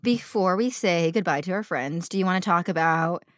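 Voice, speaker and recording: A woman's voice: fairly low pitch, moderate pace, dry recording, studio quality. A young woman co-hosting a podcast, bubbly and teasing, laughing often. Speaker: podcast co-host. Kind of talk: casual chat.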